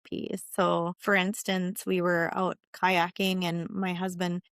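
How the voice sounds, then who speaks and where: A woman's voice: fairly low pitch, level tone, slow pace, fairly bright tone, no room sound, clean studio sound. A woman who is a nurse, speaking as a podcast guest and telling stories casually, with laughs and acted-out reactions. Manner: chatty, laughs and acts out her own reactions. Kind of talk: casual storytelling in an interview.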